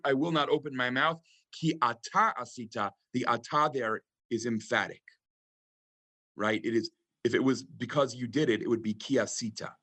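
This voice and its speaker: A man's voice: mid-range voice, a bit bright. Thoughtful man lecturing with many ums. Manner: thoughtful, frequent ums, reads verses then translates. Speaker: rabbi teaching a class. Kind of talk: lecture on scripture.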